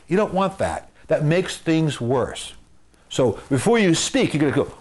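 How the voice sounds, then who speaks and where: With a slightly high, darkish voice, this man speaks expressively at a moderate pace. A marriage and family therapist, he offers earnest advice to the camera, repeating phrases for emphasis and illustrating with homespun comparisons drawn from everyday life.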